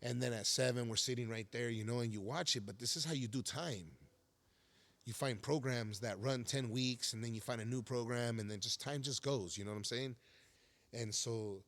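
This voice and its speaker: A man's voice: medium pitch, normal speed, fairly bright tone. A man telling his prison stories as a podcast guest, casual and profane, full of street slang like "fool" and "homie.". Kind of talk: casual storytelling.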